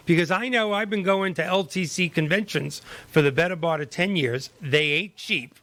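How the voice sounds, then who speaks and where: Energetic bright-voiced male host. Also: high-pitched, no echo. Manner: energetic, rapid-fire questioning. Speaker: show host. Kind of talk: panel discussion.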